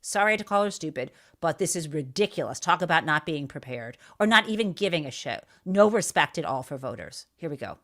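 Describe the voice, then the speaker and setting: A woman's voice: low voice, lively intonation, brisk, few pauses, fairly bright tone. Blunt, outraged woman podcaster. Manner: outraged, blunt, swears freely. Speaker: livestream podcast host. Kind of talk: casual political livestream commentary.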